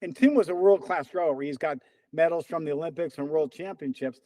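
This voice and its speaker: Animated older man telling stories. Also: on the high side, brisk, dry recording. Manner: animated storyteller, acts out quoted dialogue. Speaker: interview guest, runner and coach. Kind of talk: casual storytelling.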